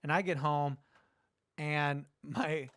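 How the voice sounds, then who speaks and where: A middle-aged man hosting a podcast, telling a story in casual chat, animated, swearing and acting out quotes. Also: a little high, slow pace, no room sound. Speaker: podcast host.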